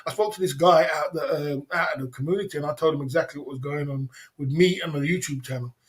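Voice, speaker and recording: The livestream host talks fast in a voice on the high side. He reads out viewer comments in a casual chat, answering in street slang and rambling with plenty of repetition.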